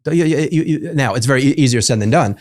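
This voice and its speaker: A man in a podcast conversation, explaining calmly as a psychologist and acting out little quoted voices with humor. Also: medium pitch, quick pace. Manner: animated teacher, acts out quotes, jokes. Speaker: psychologist guest.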